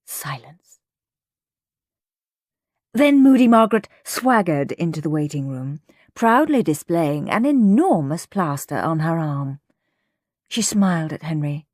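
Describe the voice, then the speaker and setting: Woman reading a children's audiobook, unhurried, very lively pitch, dry close sound. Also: dry recording. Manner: lively, expressive storytelling. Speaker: audiobook narrator. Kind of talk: storybook narration.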